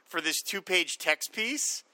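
Male co-host, casual rambling chat, bright voice, slightly high. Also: lively intonation, slow pace, no room sound. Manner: rambling, amused, restarts often. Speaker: podcast co-host.

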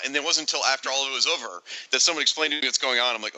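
A married man chatting on a podcast, telling stories in an animated, jokey way. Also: medium pitch, racing, hardly any pauses, rough recording. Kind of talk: casual podcast chat.

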